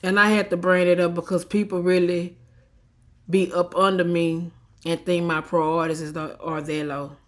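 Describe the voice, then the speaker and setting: A tearful vlogger, having just cried, rants into a phone held at arm's length in an emotional selfie video. Her fairly low voice moves little in pitch at a normal speed, while her defiant venting swings from subdued to heated.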